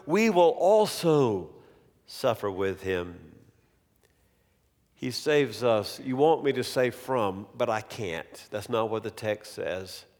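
A male preacher delivers a sermon in a slightly high voice, pacing his words slowly and deliberately. He repeats key phrases for emphasis, and his voice rings out with long reverb in a church hall.

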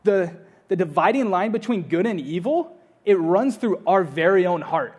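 A man preaching a sermon, earnest, repeating his phrases and swinging between loud urging and hushed appeals. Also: sits high, animated, normal speed, slightly rough. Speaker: pastor.

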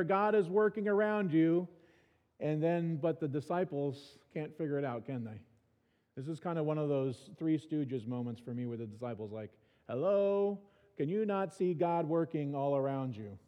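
A man's voice: on the high side, mellow. A male pastor preaching a sermon in a church, talking casually with dry, self-mocking humor and restarting his words often. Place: church sanctuary. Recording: reverberant church hall, dull sound.

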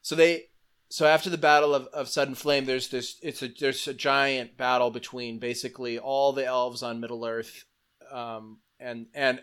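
Animated man telling a story casually. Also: mid-range voice, clean tone. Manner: animated, swears freely, acts out quotes. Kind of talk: casual storytelling retelling a fantasy book.

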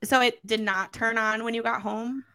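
A woman's voice: fairly high pitch, steady tone, normal speed, pushed and bright. A woman co-hosting a casual podcast, easygoing, chatting and asking short follow-up questions. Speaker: podcast co-host. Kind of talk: casual chat.

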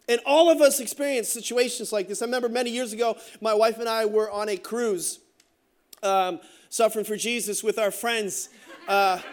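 A middle-aged man preaching a sermon as pastor, telling stories with joking asides in an animated way. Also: sits high.

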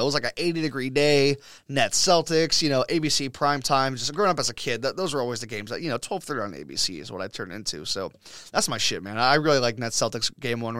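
A man hosting a casual sports podcast, talking in an excitable, opinionated way full of profanity. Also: medium pitch, clear, resonant tone, no echo, studio quality. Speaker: podcast host.

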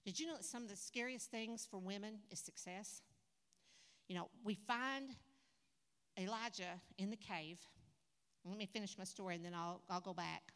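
An older woman preaching a sermon at a conference in a church hall, lively and humorous, talking straight to the audience. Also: mid-range voice, moderate pace, pauses often, clear, resonant tone. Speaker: conference speaker. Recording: echoey hall.

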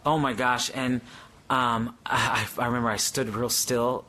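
Brief: male Christian speaker, unhurried, earnest and awed testimony, mid-pitched voice. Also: level tone, bright, forceful tone. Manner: earnest, awed storytelling with frequent hesitations. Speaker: Christian speaker sharing a vision. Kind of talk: livestream testimony, answering viewers.

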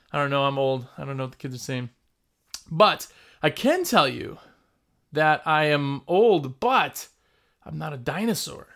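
A man who owns a window cleaning business hosts a casual vlog about his trade. His voice sits on the high side and sounds a bit bright, and he talks bluntly and emphatically, often repeating himself.

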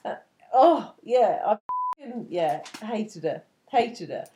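A woman's voice: mid-range voice, sing-song, takes it slowly, dark tone. A woman co-hosting a podcast in casual chat, blunt, swearing and laughing often. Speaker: podcast co-host.

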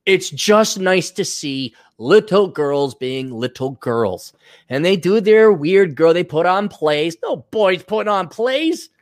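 A man's voice: sits high, big pitch swings, takes it slowly, dry recording, studio quality. A man hosting a rambling livestream, talking crudely and ranting, and acting out other people's voices in quotes. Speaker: show host reading superchats.

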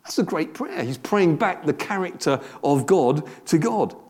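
Guy preaching, fairly high voice, chatty, keeps asking "isn't it?". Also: expressive, measured pace, a little mellow. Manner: conversational preaching with rhetorical questions and frequent repeated words. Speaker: pastor. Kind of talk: sermon.

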